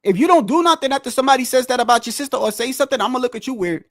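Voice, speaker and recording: Man, high voice, casual rambling reaction talk, dry close sound. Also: expressive, rapid-fire, dry recording. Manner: rambling, repeats "bro", restarts often. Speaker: streamer reacting to boxing clips.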